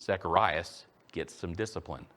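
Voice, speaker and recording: A man preaching a sermon in a conversational, animated way, asking his listeners rhetorical questions. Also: deep voice, moderate pace. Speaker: pastor.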